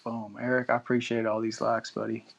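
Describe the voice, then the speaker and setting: A male podcast host on a live stream, talking in a loose, casual way. He reads news stories aloud and drops profane asides along the way. His voice sits at an ordinary middle pitch for a man. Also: level tone, brisk, gravelly.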